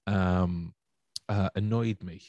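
A man's voice: sits low, fairly even intonation, slow pace, mellow, dry recording, lo-fi sound. A young man with a Stoke-on-Trent accent, chatting casually as a podcast host, rambling with many fillers and restarts. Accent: Stoke-on-Trent English. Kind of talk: casual chat.

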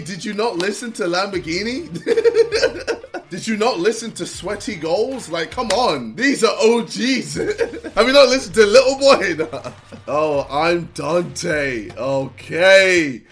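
A man hosting a casual reaction video, joking and teasing with frequent laughter. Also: high-pitched.

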